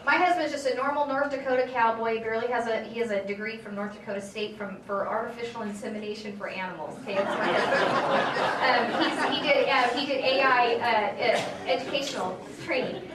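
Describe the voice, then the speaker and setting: A fairly high-voiced woman in her forties tells stories in a loose, chatty way, full of fillers and side remarks. She sounds distant from the mic, and her voice rings in a reverberant meeting room. Faint room noise stays underneath. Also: fairly even intonation, fast talker, a crowd in the background. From California, Central Valley. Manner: chatty storytelling with many fillers and asides. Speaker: state assembly member giving a talk. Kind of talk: informal speech to a political group. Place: meeting room at a local political gathering.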